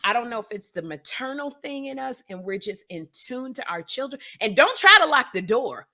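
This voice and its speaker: A middle-aged woman co-hosting a comedy podcast, telling stories and acting out quotes loudly in casual chat. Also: fairly high pitch, moderate pace. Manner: animated storyteller, acts out quotes loudly. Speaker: podcast co-host.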